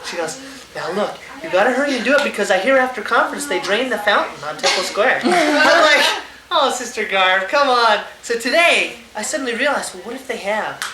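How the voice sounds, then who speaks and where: A man's voice: high-pitched, fairly quick. A young man telling stories casually and with much laughter to friends at a home gathering, recorded on a home video camera. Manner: animated, laughing while he tells stories. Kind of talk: casual storytelling among friends. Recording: echoey room, loud noise.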